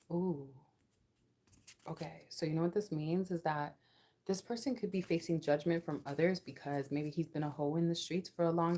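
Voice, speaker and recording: A young woman giving a casual collective tarot reading. She is slangy and playful, and her voice swings between low and high. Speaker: tarot card reader.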